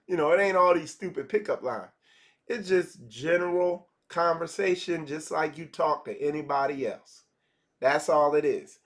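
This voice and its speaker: A man acting as a spiritual teacher gives a casual livestream lesson, speaking conversationally, repeating phrases and acting out small dialogues. His voice is a little high and his speed normal.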